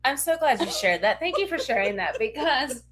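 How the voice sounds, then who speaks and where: A woman's voice: high-pitched, lively intonation, moderate pace, fairly bright tone. A woman in her thirties co-hosting a podcast, talking in an earnest, reflective way with lots of "like". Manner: earnest, reflective, filler-heavy talk. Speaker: podcast co-host. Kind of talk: casual podcast chat.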